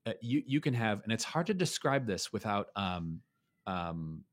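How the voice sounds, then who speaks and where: In a lowish, sing-song voice at normal speed, a man lectures conversationally about beauty and art. He thinks aloud, restarts often and keeps asking "right?".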